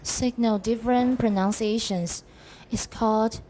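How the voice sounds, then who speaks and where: A woman student in a classroom reading a textbook passage aloud, slowly and carefully, sometimes stopping to correct herself. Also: a little high, steady tone, dark tone, slight background noise.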